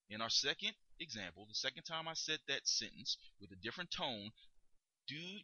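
A man hosting a podcast lesson on communication, speaking deliberately and stressing key words as he explains. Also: medium pitch, pushed and bright, no room sound, lo-fi sound. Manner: deliberate, emphatic, stretches key words for demonstration. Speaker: podcast host teaching communication skills. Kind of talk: instructional podcast talk.

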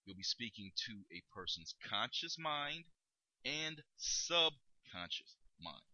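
A man hosting a podcast lesson on communication, speaking deliberately and stressing key words as he explains. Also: mid-range voice, sing-song, bright, forceful tone, dry recording, lo-fi sound. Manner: deliberate, emphatic, stretches key words for demonstration. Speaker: podcast host teaching communication skills. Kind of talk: instructional podcast talk.

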